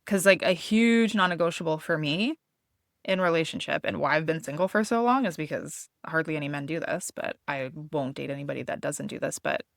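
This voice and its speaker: A woman podcast host telling a personal story in a candid, expressive way, swearing freely. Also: sits low, no echo, clean studio sound.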